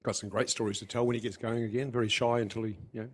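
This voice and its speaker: A man's voice: fairly low pitch, little pitch movement, very fast, a little hiss or hum. A man from New Zealand with a mixed New Zealand and English accent, chatting casually on a podcast and laughing easily.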